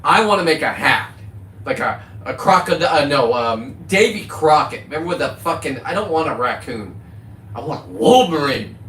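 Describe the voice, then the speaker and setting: A middle-aged man talking casually on his livestream, rambling from topic to topic in a loud, profane, boisterous way. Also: a little high, animated, moderate pace, echoey room, a little hiss or hum. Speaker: livestreaming content creator.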